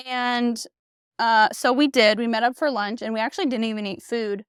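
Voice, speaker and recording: A young woman hosting a casual podcast about dating, chatty and animated, full of fillers and swearing. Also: a little high, normal speed, clear, resonant tone, no room sound, clean studio sound. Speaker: podcast host. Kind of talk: casual solo dating chat.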